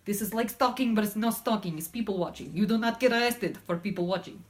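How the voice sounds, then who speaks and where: A woman playing a blunt Russian woman with a put-on Russian accent and broken grammar, talking in a deadpan, matter-of-fact way in a class skit. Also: medium pitch, fast, natural voice. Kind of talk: comedic skit interview.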